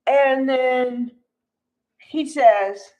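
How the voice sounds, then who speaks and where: High-voiced woman giving unhurried frank opinions. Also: dark tone, rough recording. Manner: chatty, frank, laughs often, calls people honey. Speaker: soap opera commentator. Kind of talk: casual opinionated commentary.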